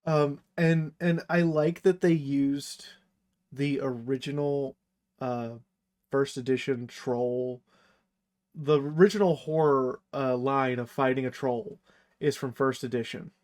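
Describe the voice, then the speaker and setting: A man's voice: mid-range voice, fairly even intonation, slow pace, darkish tone. A man on a casual podcast, talking enthusiastically about a book and swearing casually.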